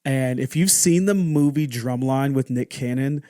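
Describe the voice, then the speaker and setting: A young adult man hosting a podcast, telling a personal story in a candid, halting way, often restarting and acting out what people said. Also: medium pitch, mellow, no echo, clean studio sound. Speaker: podcast host.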